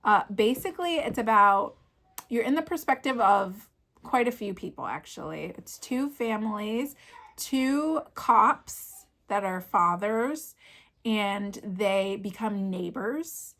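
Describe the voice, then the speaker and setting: A woman's voice: medium pitch, animated, slow, fairly bright tone. Gushing, chatty woman in her thirties. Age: 30s. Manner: chatty and gushing, lots of fillers. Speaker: vlogger. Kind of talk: casual book chat.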